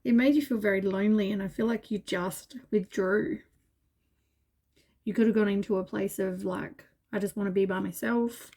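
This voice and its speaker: A woman's voice: mid-range voice, fairly even intonation, normal speed, mellow. Tired, rambling woman reading tarot. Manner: meandering, full of fillers, reassuring. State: tired, yawning. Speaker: tarot reader.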